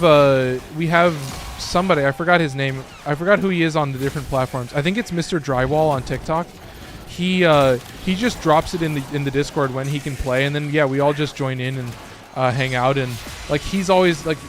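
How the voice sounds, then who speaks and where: Young male streamer, loose and rambling, swears freely, voice cracking now and then; a bit high, faint background noise. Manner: loose, rambling, swears often, lots of fillers. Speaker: gaming streamer. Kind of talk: casual gameplay commentary.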